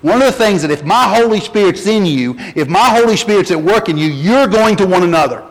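A preacher man delivers a folksy sermon with a fairly high voice that climbs when he presses a point. His words ring out with a long reverb, as if heard across a church hall. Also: a little fast. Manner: folksy, animated preaching with rising emphasis. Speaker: pastor.

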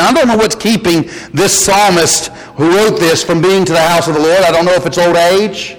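Man, middle-aged, Southern accent, North Carolina mountains, pastor, folksy sermon storytelling, slightly high voice, long church reverb. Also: moderate pace, few pauses. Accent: Southern US, western North Carolina. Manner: folksy storytelling, animated when quoting.

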